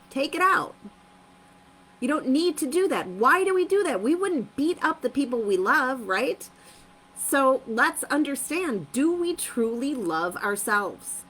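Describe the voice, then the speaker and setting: Upbeat woman host of a motivational stream, bright lively voice, emphatic repeats. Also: fairly high pitch, a little hiss or hum, low-quality recording. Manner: upbeat, emphatic, repeats phrases, laughs often. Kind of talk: live-streamed motivational talk.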